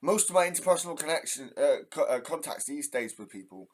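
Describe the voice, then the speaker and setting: A man's voice: on the high side, lively intonation, fast talker. An English man hosting a heated, profane ranting monologue. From England. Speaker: host.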